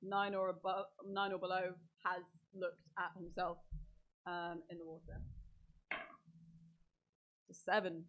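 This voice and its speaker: A woman's voice: lowish voice, level tone, measured pace, long pauses, fairly bright tone, highs cut off. A woman narrating as dungeon master, describing scenes vividly and talking through the rules aloud. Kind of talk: narrating a tabletop game.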